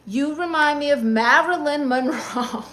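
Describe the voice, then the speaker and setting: A woman's voice: on the high side, measured pace, fairly bright tone, a little hiss or hum. A woman from Brooklyn with a New York accent, casually chatting on a live stream and firing sassy comebacks at viewers. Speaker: comedian live-streamer reading chat.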